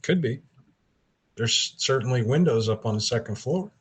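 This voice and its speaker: A man's voice: mid-range voice, animated, normal speed, slightly rough. A man running a tabletop game as game master, describing scenes with frequent hesitations.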